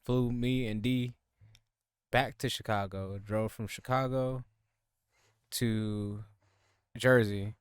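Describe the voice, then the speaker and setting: Man from louisiana, podcast co-host, laid-back chat, very slow, low smooth voice. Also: fairly even intonation, no room sound, clean studio sound. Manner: laid-back, laughs often, slow drawn-out telling. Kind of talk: casual chat.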